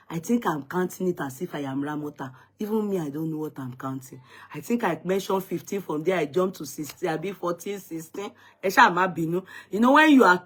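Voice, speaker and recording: A woman's voice: mid-range voice, fairly bright tone. A Nigerian woman hosting a casual livestream, chatty and teasing, greeting viewers by name and switching into Yoruba and Pidgin. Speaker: livestream host.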